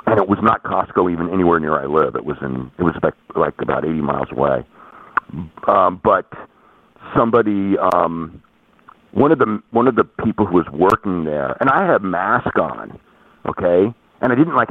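A man telling a story in casual chat, rambling with halting restarts, heard over a tinny phone line. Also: sits low, husky, no room sound. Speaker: podcast guest.

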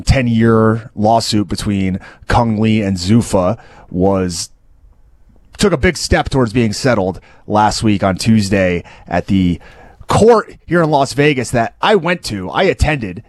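A man hosting a podcast, chatting casually as he reports news in a relaxed, plain way. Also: mid-range voice, no echo. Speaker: podcast host and combat sports reporter.

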